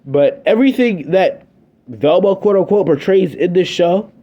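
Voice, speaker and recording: A man's voice: high-pitched, lively intonation, moderate pace, muffled recording. Exasperated ranting male reviewer. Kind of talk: scripted review commentary.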